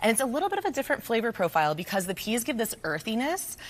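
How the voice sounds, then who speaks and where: A woman drinks expert explaining cocktails as a guest on a TV morning show, bubbly and quick. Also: fairly high pitch, big pitch swings. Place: TV studio.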